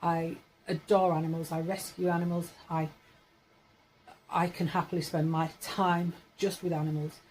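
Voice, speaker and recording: A woman's voice: fairly low pitch, level tone, moderate pace, darkish tone, a little hiss or hum, rough recording. A woman in her forties from Yorkshire, England, chatting casually to camera in a rambling way, correcting herself as she goes. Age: 40s. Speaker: vlogger.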